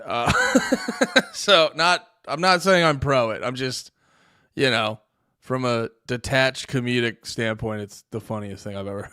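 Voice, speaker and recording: A man's voice: medium pitch, pushed and bright, clean tone, no room sound, clean studio sound. Sarcastic, foul-mouthed streamer man. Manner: profane, laughing, sarcastic asides. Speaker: streamer host. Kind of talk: casual livestream commentary.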